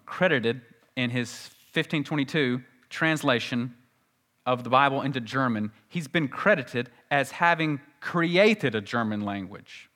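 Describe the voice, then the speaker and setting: A man preaching a sermon as pastor, teaching earnestly and slowing down to recite scripture. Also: medium pitch, fairly bright tone.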